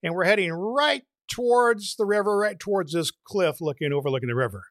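A man with a fairly high speaking voice tells a long story in a relaxed, folksy way and stretches the setup out. He sometimes bursts into loud shouted lines. The sound is dry and close to the mic. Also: no echo. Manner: folksy, drawn-out joke telling with loud shouted punchlines. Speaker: co-host telling a joke. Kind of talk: casual storytelling.

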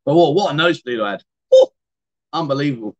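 Middle-aged guy hosting a live stream, chatty and rambly, replying to the chat, voice a bit on the high side. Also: lively intonation, fast, darkish tone. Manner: rambling, chatty, answers viewers' comments as he reads them. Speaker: livestream host.

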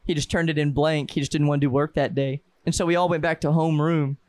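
Young man, casual co-host, fairly high, dry mic, animated storyteller. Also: quick pace, no room sound. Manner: animated storytelling, acts out voices. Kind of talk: casual chat.

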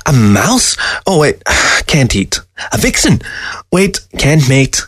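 A man's voice: medium pitch, slightly rough, no room sound. A man voicing a sardonic, mocking dead male fox in a storybook reading. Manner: snide, mocking, drawn-out taunts.

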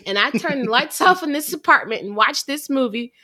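A woman co-hosting a podcast, talking about a film in an animated, chatty, self-deprecating way. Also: sits high, a little fast. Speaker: podcast co-host. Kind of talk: casual podcast chat.

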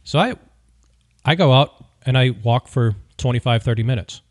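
A man hosts a podcast and tells a story in an opinionated, wry, animated way. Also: mid-range voice, moderate pace, no echo, clean studio sound. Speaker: podcast host. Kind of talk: casual storytelling.

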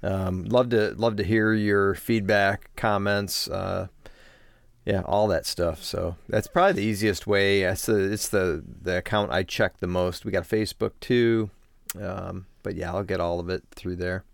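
A man hosting a podcast in a relaxed, easygoing way, chatting and signing off the episode. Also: deep voice, a little slow, creaky, dry recording. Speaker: podcast host. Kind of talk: casual chat and show sign-off.

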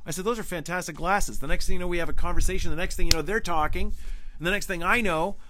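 A man from Canada, hosting a podcast, telling a personal story in a casual, animated way, laughing often and acting out the voices he quotes. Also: high voice, racing, noisy background. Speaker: podcast host. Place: lakeside cottage.

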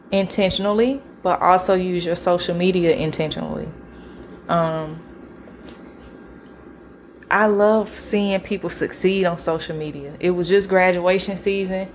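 Laid-back woman with a monotone voice. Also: on the low side, slight background noise. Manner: self-described monotone delivery; relaxed, slangy, swears casually. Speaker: podcast host. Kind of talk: casual solo podcast chat.

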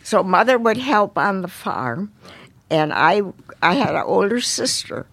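Gravelly older woman telling stories. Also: mid-range voice, lively intonation, a bit bright. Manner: unhurried storytelling with frequent restarts. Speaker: interview guest, restaurant owner. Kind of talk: casual interview reminiscence.

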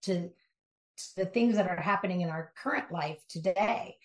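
A middle-aged woman from Southern California, a life coach speaking as an interview guest, emphatic and animated, with quick asides. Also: on the low side, roomy sound. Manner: animated, emphatic storytelling with asides and mock voices. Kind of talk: conversational interview.

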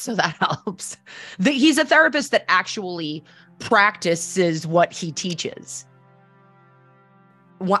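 A woman's voice: deep voice, fairly bright tone. A woman hosting a personal storytelling podcast, talking candidly and conversationally with frequent fillers. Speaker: podcast host.

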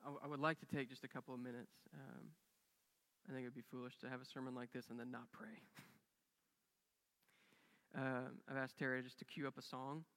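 A man preaching to his congregation in an echoing church sanctuary, his voice carrying a long reverb tail. He tells his story earnestly, bringing quoted dialogue to life with swells and hushes. His pitch sits mid-range. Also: fairly even intonation, fairly quick, long pauses. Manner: earnest, acts out quoted dialogue with rising and falling intensity. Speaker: pastor. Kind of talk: sermon storytelling.

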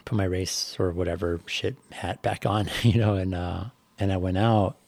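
A man's voice: low voice, steady tone, moderate pace, creaky, darkish tone, no room sound. A man, a bike racer, telling a personal story on a podcast in a candid, reflective way with lots of fillers. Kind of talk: casual podcast conversation.

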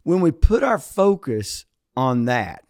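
A man who is a preacher, giving a casual devotional talk and telling a joke story in a relaxed, conversational way. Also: medium pitch, slow, no echo, clean studio sound.

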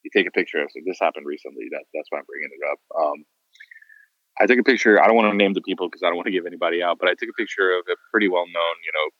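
Speaking very fast in a deep voice, a man who works as a photographer spins stories during a relaxed podcast conversation, performing the lines of the people he quotes. The recording is muffled, with no room sound.

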